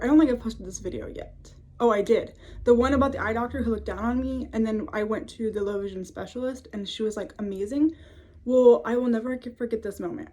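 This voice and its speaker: A woman of twenty-five, telling a personal story to camera in a casual, chatty way from her home office. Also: a little high. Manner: chatty, many fillers, laughs often. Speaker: vlogger.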